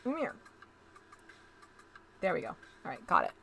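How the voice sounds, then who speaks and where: A woman's voice: lowish voice, huge pitch swings, unhurried, vocal fry, fairly bright tone, no echo. A woman hosting a casual live stream, chatting to viewers as she paints miniatures and talks through each step.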